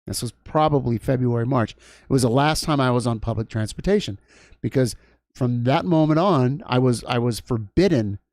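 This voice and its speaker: A man's voice: medium pitch, darkish tone, no room sound, studio quality. A man hosting a livestream, telling a long story in a casual, rambling way with many restarts and asides. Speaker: livestream host. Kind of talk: casual chat.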